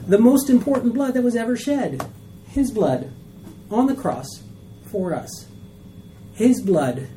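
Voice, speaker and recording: Lively woman leading a Bible class. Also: medium pitch, slight background noise. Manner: animated, acts out skeptical listeners' reactions. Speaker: Bible study leader. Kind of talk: teaching a Bible study class. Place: room with a group.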